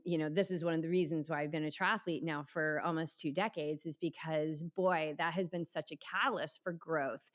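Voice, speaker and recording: A middle-aged woman talking casually as an interview guest, animated and acting out quoted voices, speaking as a yoga teacher and triathlete. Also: low voice.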